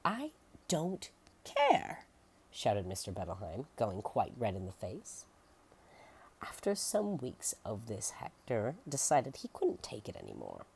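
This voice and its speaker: A soft-spoken ASMR narrator reads a storybook at a very slow, lingering pace, often sinking into whispers. The voice is mellow and dark in tone, with a lively, swooping pitch. Playful asides break into the reading now and then. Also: vocal fry, slight background noise.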